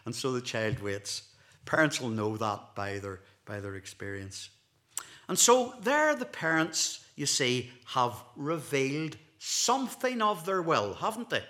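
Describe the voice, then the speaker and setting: Scottish minister guy preaching, middle-aged, really animated up and down voice, does little voices for his stories. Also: mid-range voice, normal speed. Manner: animated storytelling, acting out voices in anecdotes. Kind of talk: sermon.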